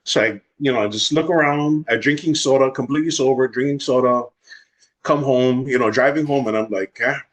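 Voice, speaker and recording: Husky Hawaii guy telling stories fast. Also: mid-range voice. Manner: fast, unfiltered storytelling with acted-out quotes. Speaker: guest. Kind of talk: casual storytelling.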